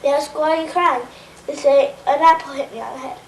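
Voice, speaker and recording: A woman telling a joke casually, acting out the dialogue in a deadpan way. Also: high voice, fairly quick, slight background noise. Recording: roomy, distant home video recording.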